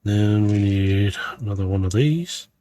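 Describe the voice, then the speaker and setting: Low-voiced chatty man building Lego. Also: measured pace, dark tone. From Missouri, USA. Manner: rambling and chatty, with frequent fillers and self-corrections. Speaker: vlogger building a Lego set. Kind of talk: casual running commentary while building.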